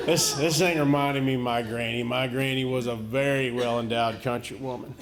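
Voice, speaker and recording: A middle-aged man from the rural United States doing a stand-up comedy set, telling folksy, deadpan stories and chuckling at his own punchlines. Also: medium pitch, moderate pace, background noise. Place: comedy venue stage before a live audience. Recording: echoey live venue with loud audience laughter.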